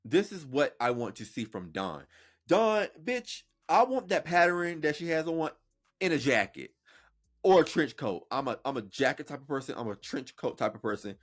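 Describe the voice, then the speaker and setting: Animated, sassy male podcast host. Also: a little high, normal speed. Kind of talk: casual reaction commentary.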